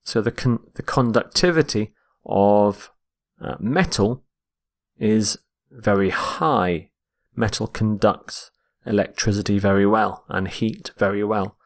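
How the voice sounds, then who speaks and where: Slow, deliberate male English teacher. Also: lowish voice. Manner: slow and deliberate, models pronunciation. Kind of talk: vocabulary lesson.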